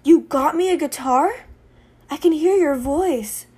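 A woman's voice: a little high, moderate pace, a little mellow, lightly acted. Woman voicing a loyal teenage boy. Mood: earnest. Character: teenage boy, newly hearing, loyal friend.

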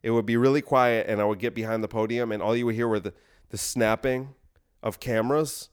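A man talks in a dry, deadpan way, spinning a comedic monologue further and further into the absurd. His voice sits in an ordinary middle pitch, and he lays out his outrageous scenario like plain fact. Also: brisk, clean tone. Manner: deadpan, absurd escalating bits. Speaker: podcast host.

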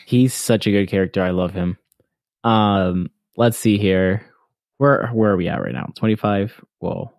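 A man's voice: lowish voice, animated, unhurried, a little mellow, no echo, clean studio sound. A young man co-hosting a podcast in casual chat, laid-back and giggly, swearing now and then. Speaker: podcast co-host.

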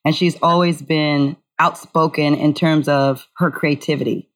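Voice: mid-range voice, fairly even intonation, unhurried. A co-host in casual talk, earnest and reflective, often restarting sentences. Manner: earnest, thinks aloud with restarts. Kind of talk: casual chat.

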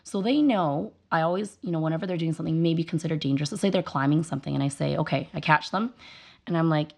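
A woman with a low voice and a gravelly edge speaks as a guest in a casual interview. She is a young mother who tells stories with energy, acting out her children's lines as she goes. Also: quick pace. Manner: animated storyteller, acts out her kids' voices.

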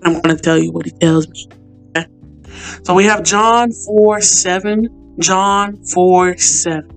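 A woman's voice: on the low side, fairly even intonation, unhurried, soft background music. A woman hosting a podcast Bible study, talking casually and earnestly to her listeners and leading them in fervent prayer.

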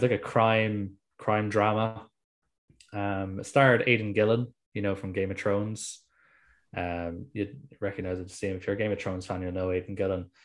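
Irish man, lowish voice, animated casual podcaster, swears a lot. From Ireland. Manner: animated storytelling, swears freely.

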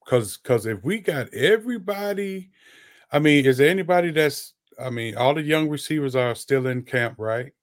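A man's voice: on the high side, lively intonation, normal speed. A man hosting a casual sports podcast, often repeating words as he gathers his thoughts. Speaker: podcast host, former player.

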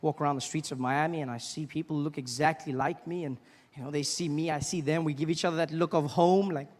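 A man doing a stand-up comedy set in front of a live audience, bursting into loud put-on voices as he tells his stories. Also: on the high side, fairly even intonation, quick pace, big-room sound. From South Africa. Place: large theater with a live audience. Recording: stage mic, loud crowd laughter and noise.

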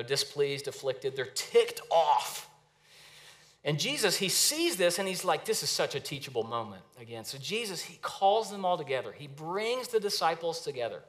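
A young man, a pastor, preaching a sermon with earnest, emphatic rises and pauses. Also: a little high, fairly bright tone. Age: young adult.

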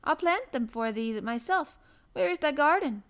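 A woman's voice: high voice, animated, normal speed, voice pushed up. A woman voicing a friendly young country boy from the moors, speaking broad in an easy, cheerful way. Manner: broad dialect, cheerful and easygoing.

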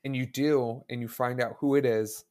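A man's voice: mid-range voice, fairly even intonation, moderate pace, a little mellow. A man chatting on a casual podcast as a guest, enthusiastic and rambling, often restarting his sentences. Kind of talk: casual podcast chat about a video game.

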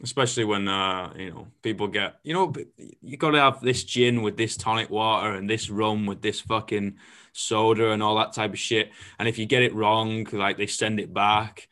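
Swearing man, bright voice. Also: lowish voice, normal speed. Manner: swearing, storytelling, animated. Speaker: host. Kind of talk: casual podcast chat.

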